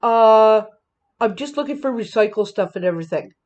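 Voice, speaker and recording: A woman's voice: a little high, animated, moderate pace, darkish tone, highs cut off, lightly acted. A woman quoting a grumpy man caught trespassing, in a whiny, dismissive voice. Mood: defensive, annoyed.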